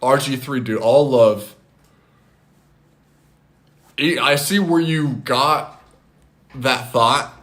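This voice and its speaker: A man at home talks to his chat over a phone mic, in an animated, loose way. He swears casually and reads viewers' comments aloud, replying as he goes. His pitch is average for a man. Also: drawn-out words, long pauses. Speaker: streamer. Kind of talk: casual live-stream chat.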